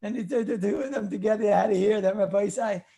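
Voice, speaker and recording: Husky-voiced rabbi telling lively stories. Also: male voice, sits high, fast. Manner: animated storyteller, repeats phrases, clears throat often. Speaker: rabbi teaching Jewish law. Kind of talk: informal Torah lecture with anecdotes.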